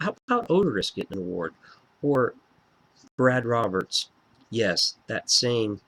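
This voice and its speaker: An excitable man reviews an album he loves in a casual video. He swears freely and gets worked up as he talks. His voice sits on the low side. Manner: excitable, profane and fan-gushing.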